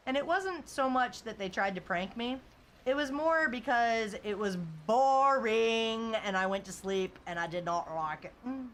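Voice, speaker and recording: A woman's voice: fairly high pitch, unhurried, a bit bright, slight background noise. Chatty laughing woman streamer. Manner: rambling and chatty, full of "like" and "you know", laughs often. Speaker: game streamer. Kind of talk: casual live-stream chat, reading viewer comments aloud.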